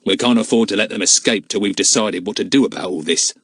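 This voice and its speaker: A man's voice: on the low side, fast, a bit bright, husky, dry recording. A calculating villain in a children's adventure story, read by a male narrator. He speaks plainly and coldly. His voice stays close to the narrator's own. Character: cold calculating grown man, a villain.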